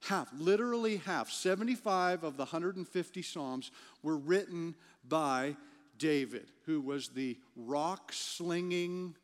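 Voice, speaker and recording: High-voiced preacher in a reverberant hall. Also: male voice, takes it slowly. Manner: conversational, repeats words when building a point. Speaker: pastor. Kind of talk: sermon.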